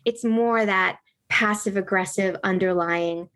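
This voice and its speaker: A woman in casual conversation who tells stories in an animated way, full of fillers and tag questions. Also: medium pitch, measured pace.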